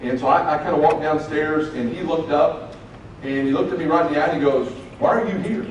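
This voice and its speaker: A man delivers a motivational talk to students, earnest and folksy, speaking directly to the crowd in a fairly high voice. He is picked up from a distance in a very echoey hall, with faint noise behind him. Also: steady tone, fairly quick.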